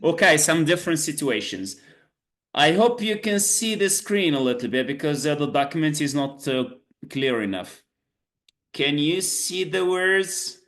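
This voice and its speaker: A patient online English teacher. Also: male voice, fairly high pitch, expressive, a little slow, fairly bright tone. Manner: patient, repeats himself with many fillers. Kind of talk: online class. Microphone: video call.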